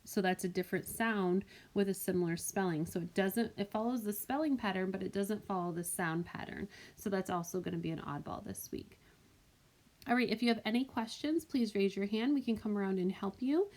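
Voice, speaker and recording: Woman, classroom teacher voice, gentle and clear, recorded on a tablet for young students. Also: mid-range voice, brisk. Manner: gentle, clear teacher talk, clapping out syllables. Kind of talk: recorded phonics lesson for children. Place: voice-over for a whiteboard app. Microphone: tablet microphone.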